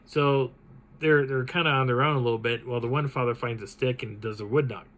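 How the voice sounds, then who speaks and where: A man hosting his own channel, telling a personal encounter story in an animated, dramatic way. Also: mid-range voice, fairly quick, low-quality recording. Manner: animated, dramatic retelling with laughs. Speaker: channel host.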